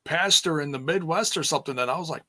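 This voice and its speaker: A man's voice: on the high side, quick pace, bright, forceful tone. A man co-hosting a casual wrestling review show, laid-back and laughing as he retells moments. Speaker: podcast co-host.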